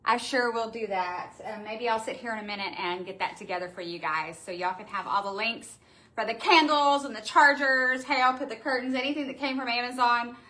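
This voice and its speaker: Bright, gushing woman on a live stream. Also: fairly high pitch, fairly quick. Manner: gushing, chatty, reads out viewer comments. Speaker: wreath shop owner hosting a live stream. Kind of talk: casual live-stream chat with viewers.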